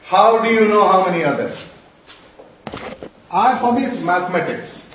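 A man's voice: high voice, expressive, moderate pace, fairly bright tone, a little hiss or hum. A middle-aged man teaching a class, quizzing the students, answering his own questions and scolding them playfully. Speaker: Sanskrit and mantra teacher. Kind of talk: classroom lecture. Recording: echoey room from far off.

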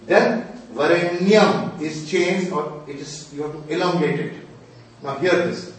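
A man teaching mantras to a group, quizzing his listeners emphatically and chanting verses slowly. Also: on the high side. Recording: echoey room, distant mic.

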